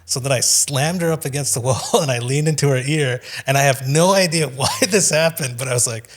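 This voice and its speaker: A man's voice: medium pitch, brisk. A man hosting a casual comedy podcast, joking and laughing often as he talks. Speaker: podcast host.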